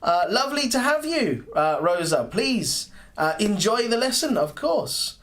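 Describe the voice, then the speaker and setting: An English teacher leading a live online lesson, drawing out each example phrase at a slow, deliberate pace. The voice rises and falls widely, sounding encouraging as they welcome viewers by name and praise their answers. The pitch sits in a middle range. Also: very animated, a bit bright.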